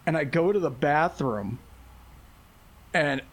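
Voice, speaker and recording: Man, slightly higher voice, casual storytelling, lots of swearing, laughs through his words. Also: slow pace. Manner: animated, laughing, heavy swearing, acts out quotes.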